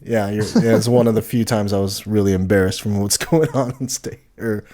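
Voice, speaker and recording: A man's voice: fairly low pitch, steady tone, fairly quick, dark tone. A man co-hosting a casual podcast, easygoing and laughing often while he tells stories. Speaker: co-host, musician.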